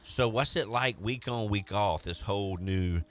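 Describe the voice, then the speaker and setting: A man's voice: on the low side, measured pace. A man hosting a morning radio show, chatting casually and joking with a guest in a rambling way.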